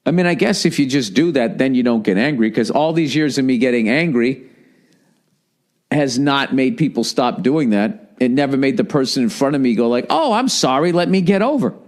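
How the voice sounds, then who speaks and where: A man's voice: medium pitch, normal speed, a little mellow. Profane, rambling man ranting. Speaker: podcast host. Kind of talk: solo podcast rant.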